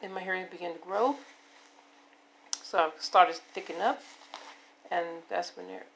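A woman in her fifties with a hoarse voice, rambling and repeating herself as she talks to her viewers about taking care of herself. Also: lowish voice, unhurried, fairly bright tone, slight background noise. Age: 50s. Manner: rambling, repetitive, self-affirming. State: hoarse, voice giving out. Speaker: vlogger. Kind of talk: casual personal monologue.

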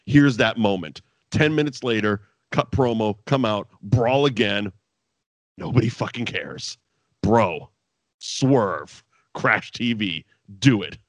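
A man's voice: animated, takes it slowly, no echo. A man co-hosting a podcast, ranting in a profane, exasperated way about wrestling, wired on too much coffee. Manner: exasperated, sweary, ranting with sudden high outbursts. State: over-caffeinated. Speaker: podcast co-host reviewing wrestling. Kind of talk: casual profane rant.

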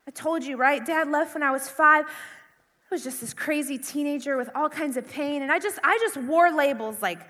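Woman, youth preacher, very high voice, sharp tone, impassioned, long hall reverb. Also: moderate pace. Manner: impassioned, conversational, full of repetition. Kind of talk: sermon.

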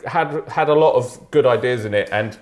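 A man co-hosting a podcast in casual chat, playful and laughing, with halting, restarting phrases. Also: mid-range voice. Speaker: podcast co-host.

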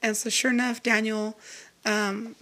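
A woman from Texas talking as a guest singer in a relaxed interview. Her voice sits a little high, and she tells her story earnestly, with many restarts and lively quoted lines. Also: measured pace. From Lubbock, Texas. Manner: animated, quotes others in a raised voice.

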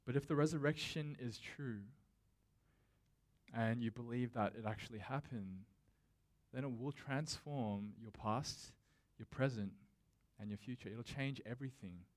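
Speaking a little slowly, a pastor addresses his congregation in a relaxed, conversational sermon. His voice sits at a middling pitch, and his preaching is loose, with fillers and restarts instead of polished oratory.

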